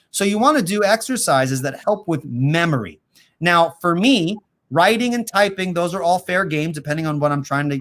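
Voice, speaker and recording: Man, higher voice, animated, fillers, casual livestream host. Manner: animated, quick, laughs easily, many fillers. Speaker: host and apologetics teacher.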